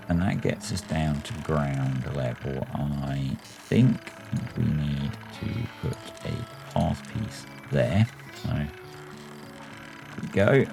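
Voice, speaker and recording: Very deep, gravelly man thinking aloud. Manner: musing, talks himself through each choice. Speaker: let's play host. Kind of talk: thinking aloud while playing a city-building game.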